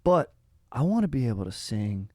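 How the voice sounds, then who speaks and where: A man's voice: mid-range voice, very animated, moderate pace, dark tone, dry recording, studio quality. A young man hosting a podcast, talking about history in a rambling, casual way. He is slangy and laid-back, says "dude" all the time and drifts off topic. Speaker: podcast host.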